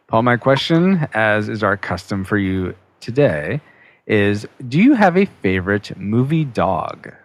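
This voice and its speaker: A man's voice: fairly low pitch, big pitch swings, slow. A man hosting a casual podcast, joking and laughing with his co-hosts. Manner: laughing, playful teasing. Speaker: podcast host.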